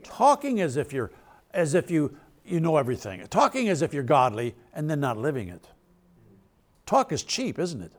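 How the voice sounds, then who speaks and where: A man's voice: on the high side, big pitch swings, normal speed. A male pastor preaching a sermon in a conversational way, asking the crowd questions and laughing between points.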